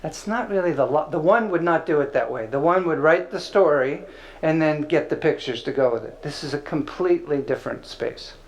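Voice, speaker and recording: High-voiced man giving a casual spiritual talk. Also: brisk, low-quality recording. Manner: conversational and playful, with filler words. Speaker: spiritual teacher. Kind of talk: informal spiritual teaching talk.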